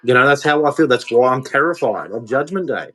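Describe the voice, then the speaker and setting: A man's voice: medium pitch, expressive, a little fast, bright, forceful tone, a little hiss or hum, rough recording. A man, ranting in an emotional monologue to camera, repeating himself as he goes. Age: 40s. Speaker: vlogger.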